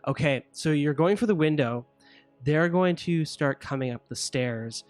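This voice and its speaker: A man's voice: fairly high pitch, dry recording, faint music behind. Easygoing man running a tabletop game. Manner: relaxed, halting narration with fillers. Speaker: game master.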